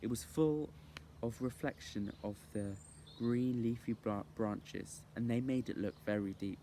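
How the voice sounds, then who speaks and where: A man reading a children's novel aloud as an expressive storyteller. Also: medium pitch, measured pace, slight background noise. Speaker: reader.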